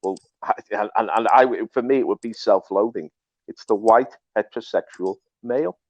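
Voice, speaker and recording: In a dull, dry, lo-fi recording, a man with a lowish voice hosts political commentary at a moderate pace. He is emphatic, says things more than once, and often restarts.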